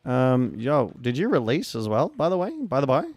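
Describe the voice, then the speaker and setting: Chatty, excitable gravelly-voiced man streamer. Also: mid-range voice, moderate pace, dry recording, soft background music. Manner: chatty and excitable, greets chat and reacts loudly to the game. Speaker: game streamer. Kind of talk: casual live-stream chat while gaming.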